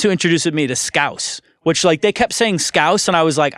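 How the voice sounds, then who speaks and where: A man hosting a casual interview, curious and quick to laugh. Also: a little high, lively intonation, fairly bright tone, no echo, studio quality. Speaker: podcast host.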